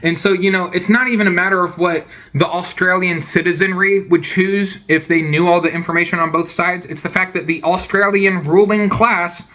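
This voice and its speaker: High, bright-voiced ranting man. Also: steady tone, normal speed, hardly any pauses. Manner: profane, heated rant. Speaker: political commentator. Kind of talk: reaction commentary.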